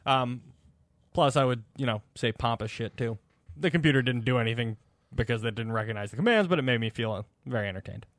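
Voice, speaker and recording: Male co-host, mid-pitched, laid-back and rambling, dry mic. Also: quick pace, no echo. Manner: relaxed, rambling, swears casually. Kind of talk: casual podcast chat.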